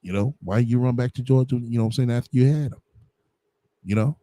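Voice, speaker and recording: A man's voice: medium pitch, fairly quick, warm tone. A man giving blunt, profane livestream commentary, heavy on slang and fillers. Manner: blunt, combative, heavy on slang and "you know what I'm saying".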